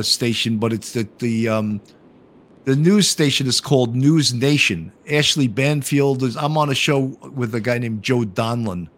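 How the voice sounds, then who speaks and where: A man's voice: mid-range voice, fairly bright tone. Chatty older New man. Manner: rambling, chatty, repeats words as he starts sentences. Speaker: podcast host. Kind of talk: casual podcast chat.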